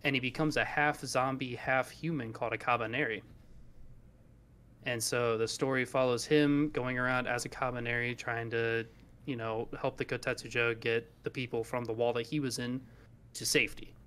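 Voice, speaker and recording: Podcast dude just rambling, mid-pitch voice, laughs n swears a lot, bit of hiss. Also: male voice, steady tone, normal speed, pushed and bright. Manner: rambling, laughs while talking, swears casually. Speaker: podcast co-host. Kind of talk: casual chat.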